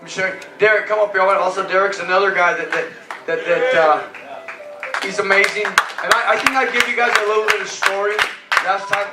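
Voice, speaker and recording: A man's voice: sits high, fairly even intonation, a little fast. A man preaching to a congregation as pastor, telling a story with quoted dialogue and lots of repeats. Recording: roomy hall, mic far off, music behind.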